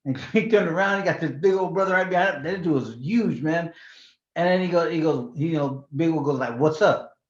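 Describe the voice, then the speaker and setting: A man's voice: a little high, a little fast. Talkative sixty-year-old man, echoey lo-fi recording. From California. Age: 60s. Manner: rambling, repeats words, drops into Spanish slang. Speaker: guest, former boxing champion. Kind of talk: casual storytelling interview. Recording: echoey room, dull lo-fi sound.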